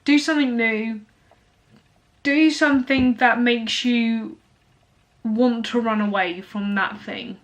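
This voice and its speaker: A woman's voice: a little high, steady tone, slow. A young woman talking casually to camera as a fitness vlogger, blunt and motivational, with lots of fillers.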